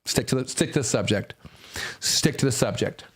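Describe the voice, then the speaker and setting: A young man streaming, giving casual reaction commentary, animated, repeating lines, swearing and laughing often. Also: medium pitch, normal speed, slightly rough.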